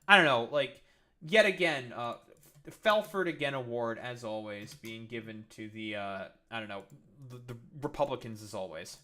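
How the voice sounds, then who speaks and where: A man with a bright, forward voice rants in live-stream political commentary. He swears freely and keeps stumbling into restarts as he pushes his point. His pitch sits in an ordinary middle range. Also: expressive, moderate pace. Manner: heated ranting with profanity and many restarts.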